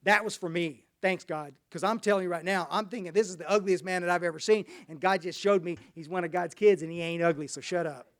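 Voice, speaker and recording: A man's voice: high-pitched, fast talker, few pauses. A man from Dallas, Texas, telling his personal recovery story at a meeting in a folksy, rambling way with many restarts.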